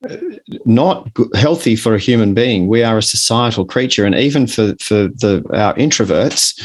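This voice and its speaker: An Australian man speaking earnestly as an author guest in a podcast interview, getting animated when he acts out his examples. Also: lowish voice, moderate pace, slight background noise.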